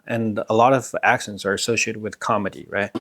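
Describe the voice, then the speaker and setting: A man's voice: lowish voice, fairly even intonation, brisk, noisy background. A man hosting and explaining to camera in a casual way, peppering his talk with "like" and "right". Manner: casual, many fillers like "like" and "right". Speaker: host and language teacher.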